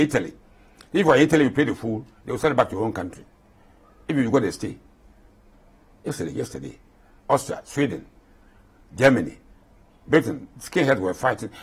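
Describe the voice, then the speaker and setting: A man's voice: medium pitch, slightly rough. A man in his eighties with a Ghanaian accent, an interview guest speaking with passion and repeating points for emphasis. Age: 80s. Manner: impassioned, repeats himself for emphasis.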